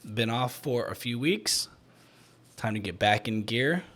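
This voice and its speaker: A man's voice: medium pitch, lively intonation, unhurried. Rambling joking young man. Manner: rambling, joking, loud when goofing around. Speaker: podcast host. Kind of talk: casual solo podcast chat. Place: small home podcast room.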